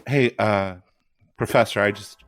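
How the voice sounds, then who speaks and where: A man's voice: lowish voice, fairly even intonation, a little slow, very noisy, voice pushed down, lightly acted. A man voicing a big, insecure male mutant with metal skin who talks in a hesitant, touchy way. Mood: unsure.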